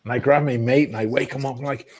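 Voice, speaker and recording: Profane, animated male storyteller. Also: medium pitch, fast, background noise. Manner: swears freely, animated storytelling. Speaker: guest storyteller. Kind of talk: casual chat.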